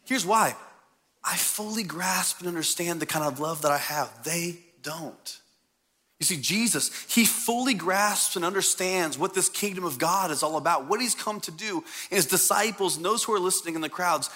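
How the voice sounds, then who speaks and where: Male pastor, sermon, animated, conversational, bright voice, church congregation. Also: a little high. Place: church sanctuary before a congregation.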